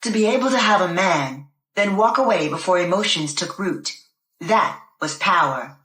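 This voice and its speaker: A woman reading a first-person novel aloud in a measured, deliberate way. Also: lowish voice, expressive, a bit bright. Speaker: narrator. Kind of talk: scripted first-person audiobook narration. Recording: roomy echo.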